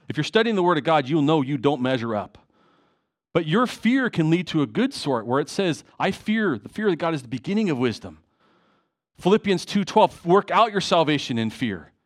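A man preaching a sermon to his congregation in a church, emotional and impassioned, with frequent restarts. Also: on the high side. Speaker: pastor. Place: church hall.

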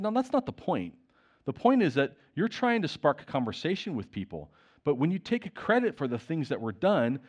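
A man delivering a sermon at an everyday middle pitch. His voice rises and falls a great deal as he retells conversations and reads passages aloud. The delivery stays animated and conversational throughout. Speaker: preacher.

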